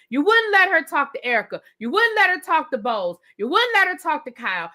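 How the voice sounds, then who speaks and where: A woman's voice: sits high, pushed and bright. A woman reviewing a TV show in a live rant, heated and profane, with repetitive slangy outbursts aimed at her viewers. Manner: slangy, addresses viewers as y'all and baby.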